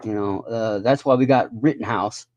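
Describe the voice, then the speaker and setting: A man's voice: medium pitch, lively intonation, unhurried, a little mellow, dry recording, highs cut off. A man in his fifties ranting in a casual live stream monologue, profane and rambling. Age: 50s.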